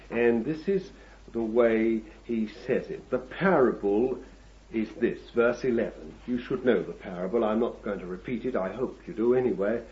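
A man preaching a sermon, with drawn-out emphatic phrasing and asides to the congregation that build to forceful preaching. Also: mid-range voice, a little hiss or hum. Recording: dull lo-fi sermon recording.

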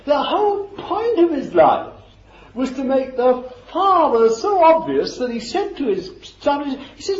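A man's voice: extremely high pitch, big pitch swings, a little slow. A man preaching a sermon in a fervent, emphatic way, repeating his phrases for stress. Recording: echoey, dull lo-fi recording.

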